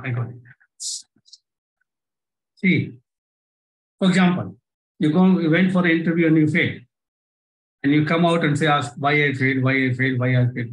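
A man's voice: a little high, low-quality recording. A man with an Indian English accent leading a live online workshop by video call, coaxing listeners through exercises with lots of repetition. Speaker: workshop trainer.

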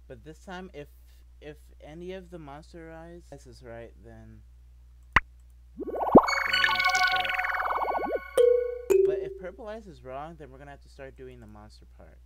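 Lively, high-voiced man talking over a game. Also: normal speed, hardly any pauses, music in the background. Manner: rambling, jumpy and apologetic. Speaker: gameplay video maker. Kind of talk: gameplay commentary.

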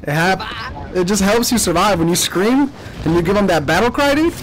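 A young man calls out a shooter match live in a high, restless voice, trash-talking and yelping as fights break out. His pitch leaps all over the place. Faint noise sits under the recording. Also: a little fast. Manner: excitable, profane trash talk and sudden yelps. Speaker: gaming streamer. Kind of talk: live gameplay commentary.

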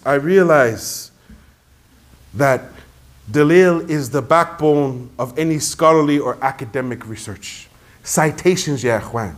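A man delivering a sermon, telling stories with emphasis and dropping in Arabic phrases. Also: on the high side. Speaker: preacher.

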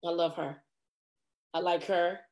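A middle-aged woman, a comedic actress, telling stories in a casual interview and acting out quotes with lively voice jumps. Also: on the low side, a little slow. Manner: animated, acts out quotes with big voice jumps.

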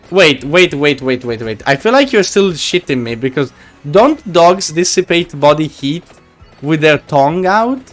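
A male streamer in casual live chat, teasing his viewers as he plays. His voice sits a little high, and he talks slowly and unhurriedly. Faint music plays under his voice. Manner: playful, teasing, chatty with viewers.

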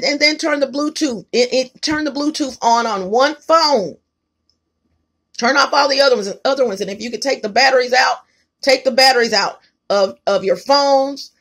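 Her voice on the high side and fairly bright, a woman makes a casual phone vlog in her home kitchen. She is emphatic and repetitive, talking straight to her audience.

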